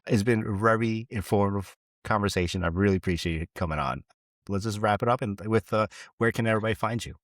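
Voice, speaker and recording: A man hosting a podcast interview, talking in a relaxed, playful way with some "uh" fillers. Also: lowish voice, fast, no room sound, clean studio sound. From United States. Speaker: podcast host. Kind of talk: casual interview chat.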